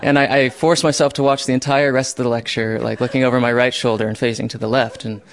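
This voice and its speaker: Young male storyteller, mid-pitched, self-mocking, bursts loud when recounting his panic. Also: steady tone, quick pace. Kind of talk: first-person true story.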